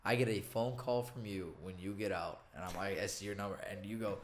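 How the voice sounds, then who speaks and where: A young man on a podcast telling a story in casual chat, animated, acting out quotes and laughing often. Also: on the low side, brisk, a little hiss or hum. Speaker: podcast co-host.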